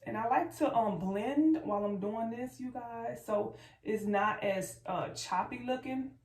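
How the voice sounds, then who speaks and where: A woman's voice: a little high, measured pace, a little mellow. Chatty woman vlogging from across a room. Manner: chatty and playful, keeps addressing viewers as y'all. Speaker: beauty vlogger. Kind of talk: casual get-ready-with-me chat. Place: room at home, camera set far back. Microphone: far camera mic. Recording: roomy, distant, faint background noise.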